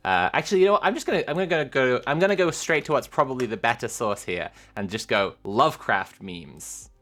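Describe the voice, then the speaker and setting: A woman streamer chatting casually with her viewers, animated and giggly, rambling with lots of filler sounds. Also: a bass voice, fast. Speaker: live streamer.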